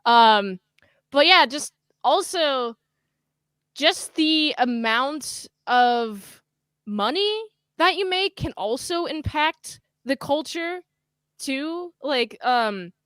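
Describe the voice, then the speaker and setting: A woman's voice: on the high side, a bit bright, clean tone, no echo. A woman chatting casually on a stream, rambling with lots of fillers. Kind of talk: casual chat.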